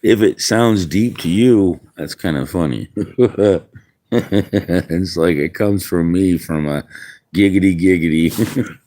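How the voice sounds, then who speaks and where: A man's voice: sits low, slow, warm tone. A man streaming outdoors in the wind, musing aloud in rambling casual chat with viewers. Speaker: livestreamer.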